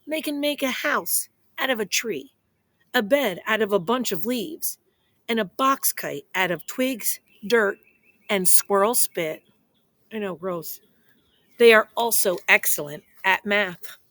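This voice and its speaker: A woman reading a children's picture book aloud in a playful, expressive way, speaking straight to young listeners. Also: medium pitch, takes it slowly, no room sound. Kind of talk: children's story read-aloud.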